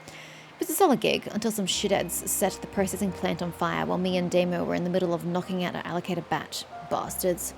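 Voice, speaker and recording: Woman reading out a gruff townsman, blunt, cursing, gravelly. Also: fairly low pitch, a little fast, faint music behind. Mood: grumbling. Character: gruff older male townsman, bitter.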